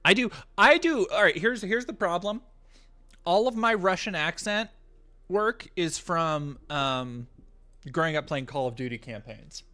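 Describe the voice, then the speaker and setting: Bright-voiced young man streaming casually. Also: sits high, lively intonation, measured pace. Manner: rambling, profane, jokey with frequent restarts. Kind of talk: casual live-stream chat.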